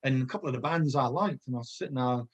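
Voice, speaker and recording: Racing along in a mid-range voice, a middle-aged ex-footballer chats casually as a podcast guest. He spins long, meandering stories and often starts over mid-thought.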